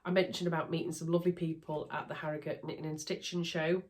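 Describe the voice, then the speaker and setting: A woman's voice: sits low, little pitch movement, fast talker, a little mellow. A woman with a Yorkshire accent, bunged up with a cold and sounding nasal, chatting casually and self-deprecatingly to her phone camera at night. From Yorkshire, England. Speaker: sewing vlogger. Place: bedroom at night under a ring light.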